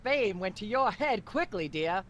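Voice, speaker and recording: A woman's voice: mid-range voice, animated, a little slow, a bit bright, slight background noise. An actress voicing a smarmy female talk-show host in a cartoon adventure game, affected and condescending. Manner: affected, condescending, calls guests dear.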